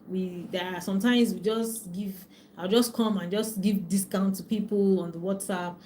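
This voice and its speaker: Nigerian woman coach, middle-aged, casual live-stream host, talkative, mid-pitched voice. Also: moderate pace, a little hiss or hum. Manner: chatty, animated, reads out viewer comments. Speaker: life and business coach.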